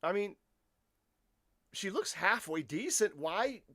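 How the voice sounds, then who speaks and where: A man's voice: high-pitched, animated, takes it slowly, sharp tone. A man giving casual, opinionated livestream commentary, firing rhetorical questions at his viewers and often restarting his sentences. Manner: addresses viewers as folks. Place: Poland.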